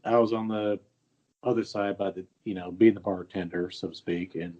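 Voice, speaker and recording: A man with a fairly low voice tells a story in an easygoing, unhurried way. The recording is dull and lo-fi. He speaks as a guest homeowner in a casual chat. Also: steady tone, warm tone. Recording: dull lo-fi audio.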